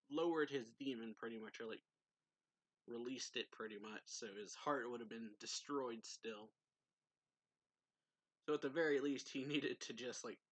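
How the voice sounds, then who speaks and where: A man's voice: mid-range voice, fairly bright tone. A man giving a casual, rambling recap of a manga chapter as a reviewer. He fills his talk with "like" and reads quoted lines aloud along the way.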